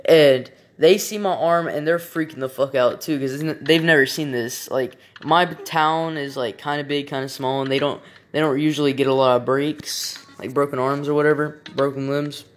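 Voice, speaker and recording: A man's voice: a little high, fairly even intonation, moderate pace. A young man casually telling a personal story, rambling and swearing, with frequent restarts and fillers.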